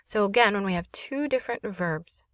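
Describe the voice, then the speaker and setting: A woman French teacher giving a quick, chatty grammar lesson, with frequent fillers while she explains. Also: mid-range voice, lively intonation, no room sound, studio quality. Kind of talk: recorded language lesson. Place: small closet at home.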